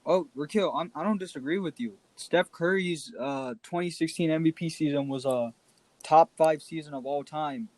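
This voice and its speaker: A young man co-hosting a casual sports podcast, laying out firm opinions in a measured way. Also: a little high, darkish tone, no room sound. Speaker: podcast co-host.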